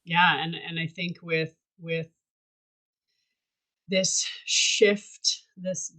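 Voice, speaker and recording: A woman's voice: sits low, gravelly, sharp tone, low-quality recording. A woman co-hosting a casual podcast chat, reflective and coaching, often restarting her sentences. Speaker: podcast co-host.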